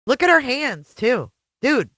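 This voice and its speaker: A woman's voice: high-pitched, sing-song, a little slow, a bit bright, no room sound. A woman hosting a reaction commentary, talking sarcastically and laughing often. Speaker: commentary channel host.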